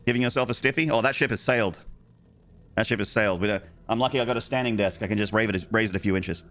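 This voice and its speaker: A man's voice: lowish voice, fast, fairly bright tone, faint music behind. A young man streaming a game, chatting casually and joking with his viewers in a rambling way. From Australia. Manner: rambling, joking, talks to chat. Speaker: gaming streamer. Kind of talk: casual live-stream chat.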